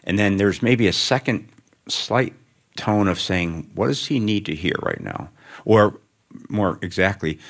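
A middle-aged male author rambles in a thoughtful, self-deprecating way during an onstage interview in front of students. He has a low voice with a fairly bright tone.

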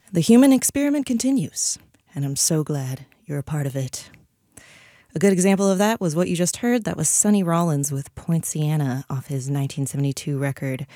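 A woman radio DJ back-announcing a music set in a relaxed, easy way, with soft breathy asides, on a studio mic. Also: low-pitched, no echo. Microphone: studio broadcast mic.

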